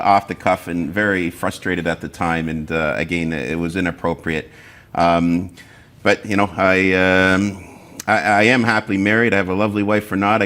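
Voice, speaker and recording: Blunt halting man co-hosting. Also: sits low, a bit bright. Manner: blunt, halting, many fillers and restarts. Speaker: co-host of a political talk show. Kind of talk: political talk show chat.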